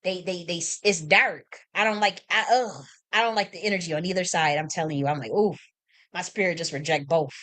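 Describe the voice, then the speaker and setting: A woman's voice: lowish voice, a little fast, a bit bright. An American woman hosting a livestream, talking off the cuff in a blunt, profane, impassioned way, rambling and restarting her sentences. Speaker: livestream host. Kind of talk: unscripted livestream monologue.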